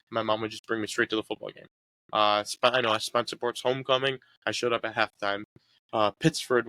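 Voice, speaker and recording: A young college soccer player guests on a casual interview, rambling easygoingly about his sports years with lots of fillers. His fairly low voice sounds pushed and bright, and the recording is dry.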